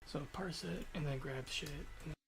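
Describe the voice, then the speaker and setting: A man's voice: on the high side, normal speed, gravelly. A man thinking aloud while streaming himself programming, rambling and swearing casually. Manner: rambling, profane, muttering to himself. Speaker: programmer livestreamer.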